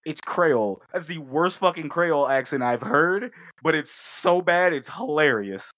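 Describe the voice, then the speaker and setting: A man's voice: fairly high pitch, animated, measured pace, a bit bright, dry recording. A man co-hosting a podcast, reviewing a movie in casual, profane chat and acting out scenes with laughter. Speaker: podcast co-host.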